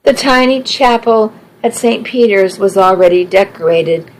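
Woman reading a romance audiobook, earnest and emotional, mid pitch. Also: a little slow, rough recording. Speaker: audiobook narrator. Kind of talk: first-person scripted narration.

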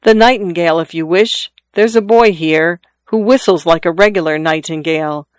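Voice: mid-range voice, normal speed, smooth, no room sound, close to an everyday voice. A reader voicing an awkward ship's sailor who speaks hesitantly.

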